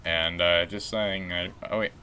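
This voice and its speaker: A man's voice: low-pitched, steady tone, measured pace, sharp tone, clear, resonant tone. A man casually chatting while streaming a game, rambling and answering chat. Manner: rambling, restarts, reads chat.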